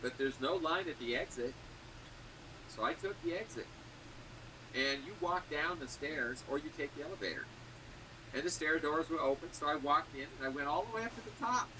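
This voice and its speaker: Casual male vlogger, rambling storyteller, slightly high pitch, noisy recording. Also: expressive, normal speed. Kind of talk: casual chat. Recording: noisy background.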